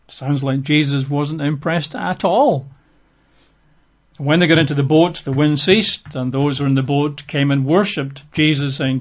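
Male preacher, slightly higher voice, conversational, wry asides between scripture readings. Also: a little slow. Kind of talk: sermon.

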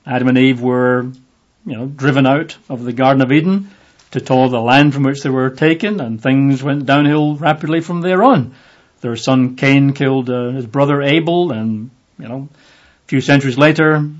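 Guy preaching casual bible study, lots of uhs, kinda muffled lo-fi audio. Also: medium pitch. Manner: conversational, with many fillers, acts out voices in the reading. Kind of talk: informal Bible teaching. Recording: dull lo-fi audio.

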